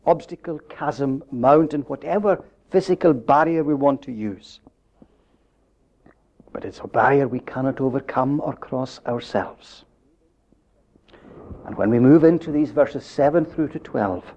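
A man preaching a sermon, building up to emphatic questions and dropping his voice low at the end of phrases. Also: mellow. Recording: dull lo-fi recording.

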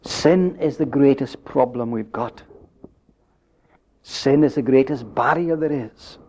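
A man preaching a sermon, building up to emphatic questions and dropping his voice low at the end of phrases. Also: slow, warm tone. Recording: dull lo-fi recording.

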